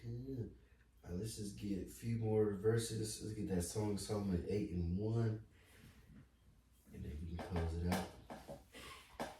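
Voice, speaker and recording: A man co-hosting a casual religious talk, relaxed and affirming, steering the discussion. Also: fairly low pitch, a little slow, long pauses, noisy background. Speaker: co-host. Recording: distant echoey room mic.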